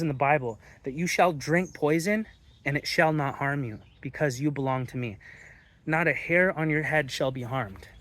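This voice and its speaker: A man's voice: fairly high pitch, moderate pace, a bit bright, no echo. A young man delivering a profane, preachy and boastful rant outdoors, swearing constantly as he talks to his phone camera. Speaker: vlogger. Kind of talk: profane street-talk rant. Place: outdoors in a public street.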